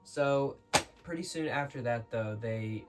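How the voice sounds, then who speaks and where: A man rambles through his take on a film in a loose, unscripted way, starting sentences over and trailing off as he thinks aloud. His pitch sits in an ordinary middle range. Faint music plays quietly behind him. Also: a little slow. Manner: rambling, restarts often, scattered. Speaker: vlogger explaining a film. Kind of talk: casual unscripted commentary.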